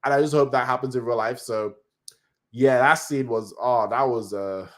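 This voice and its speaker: A man giving a casual live-stream review, excitable and slangy, rambling with many restarts and now and then jumping into high cries when moved. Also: normal speed.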